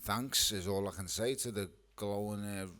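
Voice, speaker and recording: A boxer at a press conference who answers with blunt jokes and casual swearing. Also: male voice, fairly low pitch, steady tone, normal speed, sharp tone.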